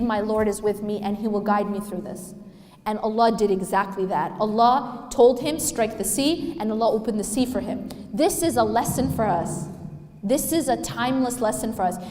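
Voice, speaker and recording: Woman, high voice, religious talk, emphatic, questions to the audience, echoey hall with long reverb. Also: darkish tone. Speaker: Islamic speaker.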